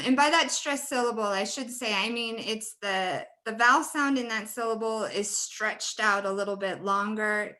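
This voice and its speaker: A woman's voice: medium pitch, sharp tone. A woman presenting a webinar training for teachers, friendly and laughing often as she demonstrates word stress.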